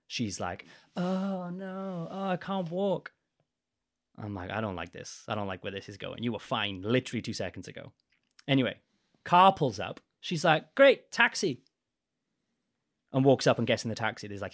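Young male storyteller, very animated pitch, dry close mic. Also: no echo. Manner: animated, acts out quoted voices. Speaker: podcast guest, adventurer. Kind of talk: casual storytelling.

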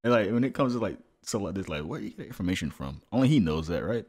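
Low-ish voiced guy, laid-back, laughs a lot, voice bounces around, casual hangout chat. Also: expressive, fast, darkish tone, husky. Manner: laid-back, laughs often, repeats words. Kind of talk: casual chat among friends.

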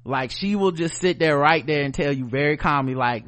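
Blunt guy on a podcast, cussing a lot, kinda high voice, chatting loose. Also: normal speed. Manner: blunt and profane, animated. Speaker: podcast co-host. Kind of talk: casual chat.

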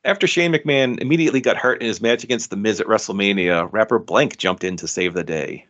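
A man hosting a trivia podcast, reading the questions out briskly and confirming the answers. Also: on the low side, fairly bright tone, lo-fi sound. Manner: brisk, amused, reads the questions aloud. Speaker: quiz host.

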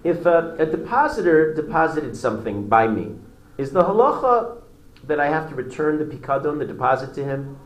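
A soft-spoken wise woman, put on by a male teacher, reassuring and gentle. Her voice sits higher and louder than his plain talk. The sound rings in an echoey room. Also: very animated, normal speed, highs cut off. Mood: gently probing. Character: wise, gentle woman breaking grief softly.

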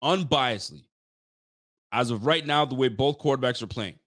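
Excitable male sports fan host. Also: mid-range voice, moderate pace. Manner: excitable, emphatic, frequent restarts; chats directly to live viewers. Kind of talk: casual live sports talk.

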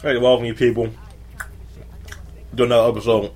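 A man's voice: medium pitch, flat delivery, fairly quick, a little mellow, slight background noise. A man co-hosting a podcast in crude, rambling, joking casual chat. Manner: rambling, profane, jokey. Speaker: co-host.

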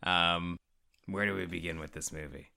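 A man co-hosting a casual podcast, talking about movies in an animated, rambling way and swearing freely. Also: sits low, moderate pace, vocal fry, smooth. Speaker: podcast co-host. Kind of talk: casual movie review chat.

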